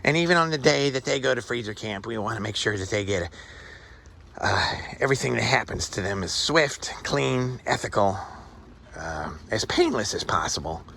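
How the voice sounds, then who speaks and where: Guy showing off his rabbit setup in a tent outside, rambly and folksy, pitch bouncing all over. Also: expressive, normal speed, creaky, pushed and bright, slight background noise. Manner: rambling, folksy, thinks aloud. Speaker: backyard rabbit raiser giving a tour. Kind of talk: casual walk-through vlog. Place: outdoor tent beside rabbit cages.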